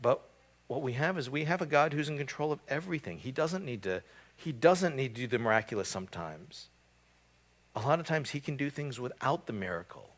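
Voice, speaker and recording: A man's voice: mid-range voice, animated, brisk. A man preaching a casual sermon, with frequent fillers and repeated words. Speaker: pastor. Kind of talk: conversational sermon.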